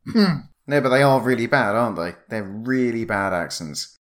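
A man from Britain co-hosting a podcast, opinionated and lively in casual chat. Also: mid-range voice, normal speed. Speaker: podcast co-host.

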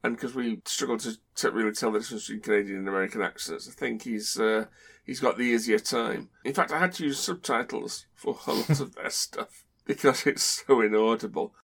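A man's voice: mid-range voice, a little fast, creaky, fairly bright tone, breathy edge. A man from Britain hosting a podcast, talking in a chatty, rambling, wry way. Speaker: podcast host. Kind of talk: casual chat.

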